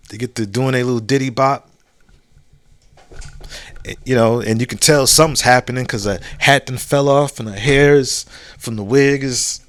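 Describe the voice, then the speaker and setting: A man hosts his own podcast and talks through a personal story in a loose, rambling way, repeating himself and leaning on fillers as he goes. His voice sits at an ordinary middle pitch. The sound is close and dry, with no room echo. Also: fairly bright tone. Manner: loose, conversational, with many fillers and restarts; chuckles while telling a funny memory. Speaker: podcast host. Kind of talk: casual storytelling monologue.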